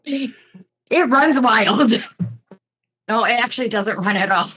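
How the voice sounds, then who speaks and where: Slow, chatty woman telling a crime story. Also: on the high side, pushed and bright, slightly rough, low-quality recording. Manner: chatty, jokey asides while telling a grim story. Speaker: podcast host. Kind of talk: casual true crime storytelling.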